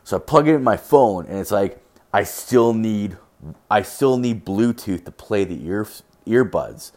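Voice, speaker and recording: Solo podcaster, young adult male, slightly low register, crude and rambling storyteller. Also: lively intonation, unhurried, a little mellow. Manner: profane, filler-heavy, storytelling. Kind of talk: casual rambling monologue.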